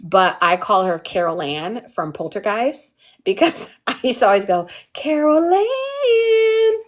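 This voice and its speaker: A young adult woman hosting a live workshop, chatting casually and telling an animated family story full of quoted voices. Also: lowish voice, normal speed. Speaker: workshop host. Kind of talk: casual livestream chat.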